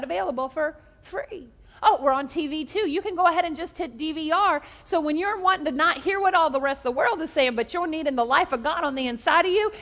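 A woman's voice: extremely high pitch, fairly bright tone, in a large hall. A woman pastor preaching a sermon, telling jokes and stories and leading the congregation in call-and-response.

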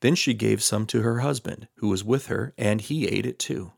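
A man reading scripture aloud in a steady, measured way, lightly voicing the quoted speech. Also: fairly low pitch, creaky, slightly rough, no room sound, studio quality. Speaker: Bible reader.

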